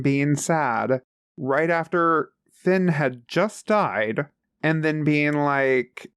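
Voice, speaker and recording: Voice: medium pitch, no room sound, clean studio sound. A podcast co-host in casual chat, wry and blunt with a joking edge.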